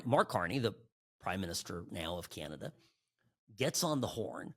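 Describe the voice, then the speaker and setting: A male podcast host giving sarcastic, animated political commentary. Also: on the low side, moderate pace, slightly rough.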